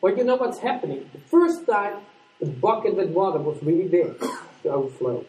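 A man with a Dutch accent, a native Dutch speaker, preaching a sermon as an animated storyteller who acts out quoted lines. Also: high-pitched, moderate pace, roomy sound, far from the mic, poor audio. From Netherlands.

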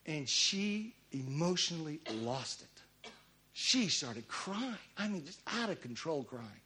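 Telling a personal story from the pulpit, this middle-aged preacher talks conversationally but veers from hushed intensity to loud urgency. He speaks slowly and with great animation in a high voice, over slight background noise.

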